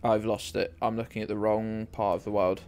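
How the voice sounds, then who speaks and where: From the United Kingdom, a man with a lowish, clear, resonant and slightly mellow voice talks briskly and flatly while streaming a geography game. He rambles to his viewers and swears freely, with faint music running underneath.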